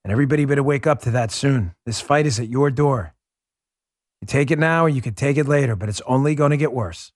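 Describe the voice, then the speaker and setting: A man's voice: medium pitch, fast talker, no echo, studio quality. Combative, sarcastic male podcast host. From New York City. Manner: combative, sarcastic, rising to shouts. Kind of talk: heated political monologue.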